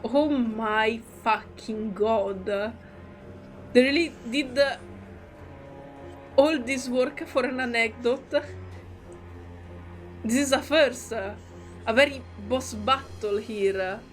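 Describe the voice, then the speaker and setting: This woman speaks slowly in a somewhat high voice. She streams a game, reads its lines aloud and reacts with a lot of emotion and swearing. Faint game music plays behind her. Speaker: gaming streamer.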